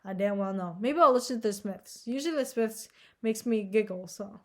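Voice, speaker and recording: A woman's voice: mid-range voice, moderate pace, a bit bright. A young woman vlogging in a casual, rambling monologue, anxious and self-deprecating, filling her talk with "like" and swearing. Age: young adult. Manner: rambling, heavy "like" filler, frequent swearing.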